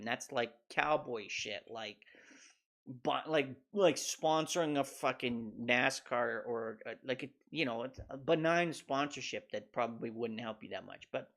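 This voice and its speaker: A man's voice: medium pitch, a bit bright. A man in his thirties hosting a casual stock market livestream, rambling loosely with swearing and laughs. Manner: profane, laughing, loose and offhand.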